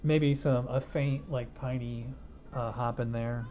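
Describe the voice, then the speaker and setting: A man hosting a casual beer review from a home studio, rambling through his thoughts with plenty of fillers and self-amused asides. His voice is mellow and relaxed, picked up close by a lapel mic hidden behind a studio mic. A faint hum sits underneath. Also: medium pitch, takes it slowly. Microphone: wireless lapel mic hidden behind a studio mic.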